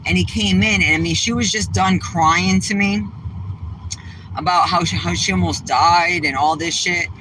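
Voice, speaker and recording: A man's voice: high voice, fairly even intonation, normal speed, bright, forceful tone, low-quality recording. A man with a Southeastern Massachusetts accent chatting casually to his viewers from inside his car, rambling and blunt, swearing freely. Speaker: vlogger. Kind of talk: casual livestream chat while driving. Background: faint vehicle noise.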